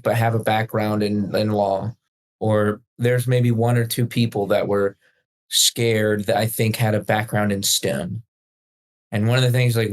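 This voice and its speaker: Male co-host, blunt joking talker, medium pitch, offhand casual chat. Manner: blunt, joking, swears freely. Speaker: podcast co-host.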